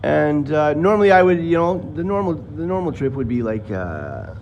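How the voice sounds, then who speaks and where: A man's voice: fairly high pitch, expressive, normal speed, muffled recording, slight background noise. A man telling viewers a long personal story in casual, rambling, profane talk, acting out what others said. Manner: rambling, profane, acts out quoted voices.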